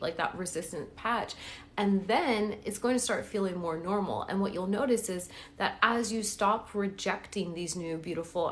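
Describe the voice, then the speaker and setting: A woman's voice: medium pitch, slight background noise. A woman coaching viewers on a casual live stream, chatty and encouraging, checking in with "okay?" and "right?" as she goes. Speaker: manifestation coach.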